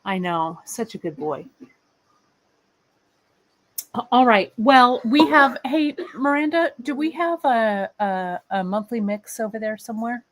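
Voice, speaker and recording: This expressive, fairly high-pitched woman in her fifties speaks at normal speed while hosting a live beading stream. Indoors at a workshop bench, she wanders casually between chatting with viewers and addressing her cat, though the audio quality is poor.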